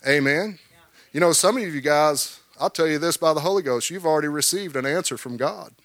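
Animated man preaching a sermon. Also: a little high, brisk, dry recording. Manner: animated, repeats words, calls for amens.

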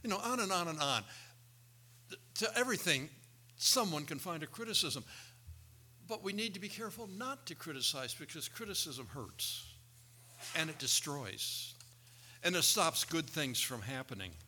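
A man delivers a sermon in a very bright, somewhat high voice. He tells stories with animation, acting out the voices of the people he quotes. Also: animated, normal speed, long pauses, slight background noise. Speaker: pastor.

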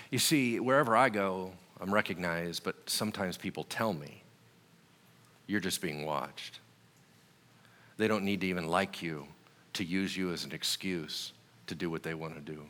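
A man's voice: deep voice, normal speed, pushed and bright, big-room sound. A man preaching a sermon as a pastor, telling stories with humor and acting out other people's voices.

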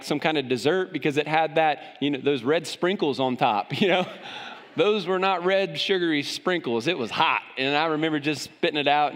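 Pastor, male, high voice, joking folksy preacher, big hall reverb. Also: a bit bright. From moved to Tennessee. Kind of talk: sermon. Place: church sanctuary.

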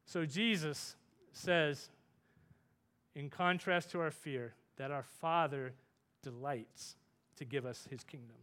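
A man preaching a sermon, earnest, rising loud for emphasis and dropping soft on tender points. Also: slow pace, pauses often. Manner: earnest, rises in pitch and volume for emphasis, softens for tender points.

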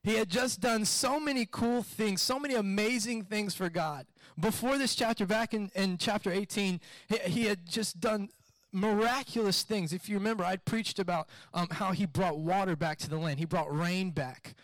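A man's voice: high voice, moderate pace, no room sound. A man, a pastor, giving a sermon and telling a personal story, acting out the voices in it. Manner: animated storytelling with acted-out quotes.

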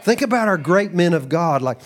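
A middle-aged man from Texas preaching a sermon, animated and lively, often breaking into asides and acting out quoted voices. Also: sits high, a little fast.

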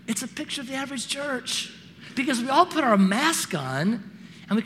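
Animated man preaching in a hall. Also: very high voice, moderate pace, a little hiss or hum. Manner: animated, acts out voices in stories. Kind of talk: sermon with storytelling.

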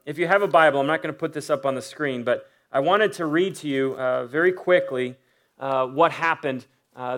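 A man preaching a sermon in an earnest way, often pausing on "uh" and building up to emphatic peaks. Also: on the high side, fairly bright tone. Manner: voices imagined inner thoughts of a biblical figure. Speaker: pastor.

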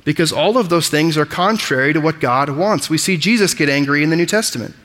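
A man's voice: fairly high pitch, brisk, fairly bright tone, long reverb tail. A man preaching a sermon with emphatic delivery, explaining scripture word by word. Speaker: pastor.

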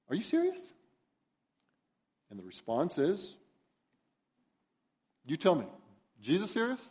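A male pastor preaching a sermon, emphatic and urgent, acting out the voices he quotes. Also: high-pitched. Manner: emphatic, rising to urgent exhortation; acts out quoted voices in his storytelling.

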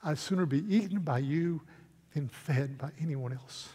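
Man doing a timid mare, raised and soft. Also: on the high side, moderate pace, breathy edge. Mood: pleading. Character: gentle, timid female talking horse. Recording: echoey hall reverb.

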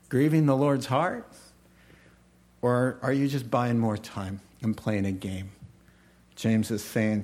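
A man preaching a sermon in a conversational way, with animated asides. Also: mid-range voice. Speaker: pastor.

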